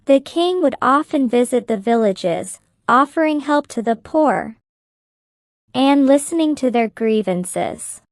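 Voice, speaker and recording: Slow, clear woman reading a story. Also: high-pitched, lively intonation, no room sound, studio quality. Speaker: narrator. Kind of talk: slow graded-reader story narration.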